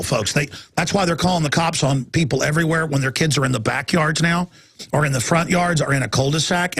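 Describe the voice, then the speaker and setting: Gravelly, ranting talk radio host man. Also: fairly bright tone, dry recording, studio quality. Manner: ranting, mocking, mimics people in high voices. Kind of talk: animated talk radio monologue.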